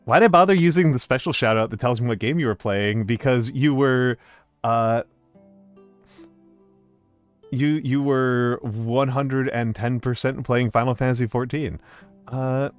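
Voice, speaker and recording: Speaking at a moderate pace in a smooth, medium-pitched voice, a man streams a game and chats casually with his audience. He hesitates often, leaning on ums and uhs and restarting sentences, while warmly welcoming people in chat. Soft background music plays.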